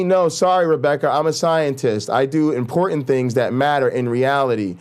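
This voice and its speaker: Vlogger guy, swears a ton, fast ranty talk, kinda high voice. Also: smooth. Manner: animated, profane, says "right?" a lot. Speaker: YouTube host. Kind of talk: casual profane rant.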